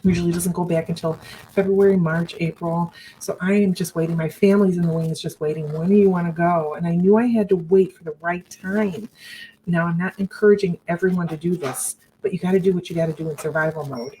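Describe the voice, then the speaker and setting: A middle-aged woman speaks with a low, warm, mellow voice. She tells her own story earnestly and reflectively, often turning to faith. A faint steady noise sits under the recording. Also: fairly quick, low-quality recording. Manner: earnest, reflective, religious phrasing. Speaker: survivor sharing her story on a live broadcast. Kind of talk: personal storytelling to viewers.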